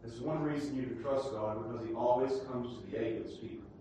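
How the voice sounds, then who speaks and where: Impassioned preacher in an echoey hall. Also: male voice, medium pitch, fairly even intonation, fast. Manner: impassioned preaching that swings from hushed to shouting. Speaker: pastor. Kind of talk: sermon. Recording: echoey hall, distant mic, faint hiss.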